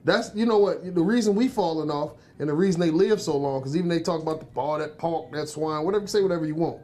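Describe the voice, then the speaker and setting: A man's voice: fairly high pitch, quick pace, warm tone. A man co-hosting a podcast, explaining and warning emphatically in profane casual chat. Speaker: podcast co-host.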